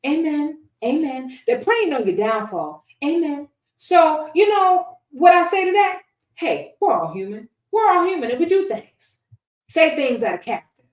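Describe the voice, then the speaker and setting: Defiant, preachy woman interviewee, animated delivery, miked from a distance. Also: high voice, measured pace. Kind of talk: casual interview talk. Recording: echoey room, far from mic.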